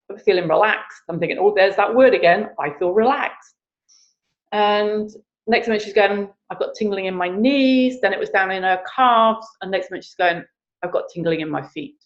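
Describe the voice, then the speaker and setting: A woman, telling a story with energy and acting out the voices of the people in it. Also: on the low side. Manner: lively, acts out quoted voices. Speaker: wellness practitioner. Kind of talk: animated storytelling. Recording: dull lo-fi sound.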